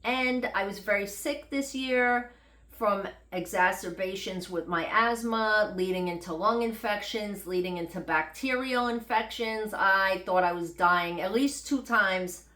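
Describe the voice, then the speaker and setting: Middle-aged woman, casual vlogger, chatty and self-mocking, mid-pitched, echoey room. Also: unhurried, sharp tone. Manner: rambling, chatty, self-deprecating humor. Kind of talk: casual unedited health update vlog.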